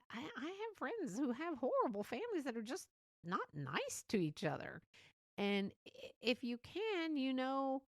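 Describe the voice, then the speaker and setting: Rambling chatty woman, gravelly. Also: a little high, dry recording, clean studio sound. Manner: rambling, chatty, laughs often, acts out quotes. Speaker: podcast host. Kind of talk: casual monologue.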